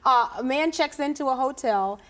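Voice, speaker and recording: A woman co-hosting a casual chat about news headlines, animated and laughing often. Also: high voice, normal speed, a little hiss or hum. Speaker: co-host.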